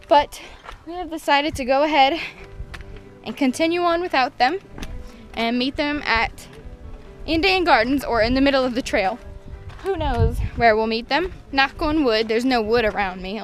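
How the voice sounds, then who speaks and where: A woman's voice: sits high, normal speed, soft background music, rough recording. A young woman, chatting candidly in casual vlog updates from a canyon trail. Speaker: vlogger. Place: outdoors on a canyon hiking trail and campground.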